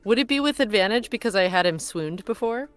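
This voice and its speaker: A woman's voice: mid-range voice, soft background music. A woman playing in a tabletop game, reading out her rolls and reacting with exclamations. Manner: slow, lively, exclaims at the action. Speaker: player.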